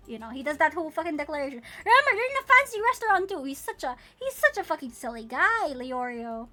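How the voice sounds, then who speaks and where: Excitable high-voiced young woman streamer. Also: quick pace, few pauses, faint music behind. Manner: excitable, profane, squealing fangirl bursts. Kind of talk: casual live-stream chat about her characters.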